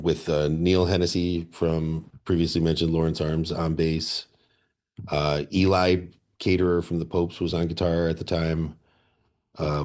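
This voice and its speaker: A man's voice: very deep voice, darkish tone. A man from the Chicago area, a band member guest in a radio studio, telling rambling anecdotes with many restarts. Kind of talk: casual interview storytelling.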